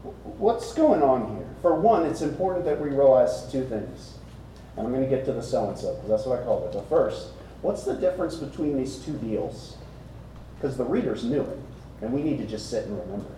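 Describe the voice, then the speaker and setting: A man preaches with a deep, mellow voice that swings lively up and down as he talks the congregation through the passage. He keeps it conversational, tossing out rhetorical questions. The sound is very echoey, with the speaker set back from the mic. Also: fairly quick, recorded from a distance, slight background noise. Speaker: pastor. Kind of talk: expository sermon.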